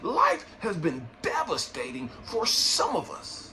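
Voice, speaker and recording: A middle-aged man giving an impassioned motivational monologue, swinging from hushed talk to raw, pleading shouts. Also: fairly high pitch, huge pitch swings, slow, slight background noise. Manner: emotional, swearing, pleading. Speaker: inspirational speaker.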